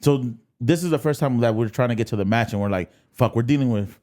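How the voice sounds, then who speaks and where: A man's voice: mid-range voice, lively intonation, quick pace, a little mellow. A young man, co-hosting a podcast in easygoing casual chat, laughing often. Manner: laid-back, laughs often, says "word" and "nah". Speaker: podcast co-host.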